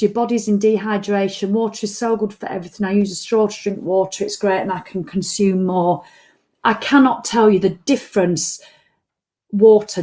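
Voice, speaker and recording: A woman's voice: medium pitch, a little mellow. A tired woman, ranting bluntly and swearing freely as she hosts a casual live-stream chat. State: tired after a run. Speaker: vlog host.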